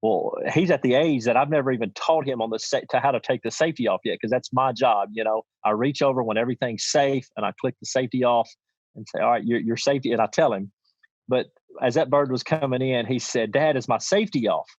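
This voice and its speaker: A man's voice: medium pitch, quick pace, no echo. A middle-aged man, telling a hunting story in a folksy, rambling way full of restarts. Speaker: podcast guest, champion goose caller. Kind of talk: casual storytelling. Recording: dull lo-fi dry sound.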